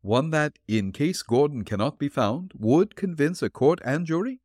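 A man reading the part of a calm, shrewd male detective who explains his clues dryly. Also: a little high, no echo, voice pushed up. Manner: dry, explanatory, deliberate.

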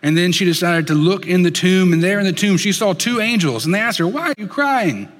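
A man preaching a sermon in an earnest storytelling way, dropping soft and slow for emphasis. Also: high-pitched, in a large hall. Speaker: pastor.

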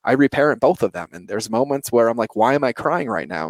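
Expressive and fast-talking, this man in his thirties has a medium-pitched voice recorded without room sound. As an entrepreneur guest in a personal interview, he reflects earnestly on his life, saying "like" and "you know" constantly.

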